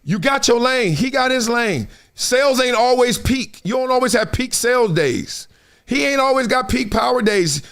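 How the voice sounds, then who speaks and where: Sports talk host guy, high voice that swings all over, loud animated trash talk. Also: normal speed, gravelly. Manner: animated, trash-talking, acts out fans in put-on voices. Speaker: show host. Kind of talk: casual sports talk livestream.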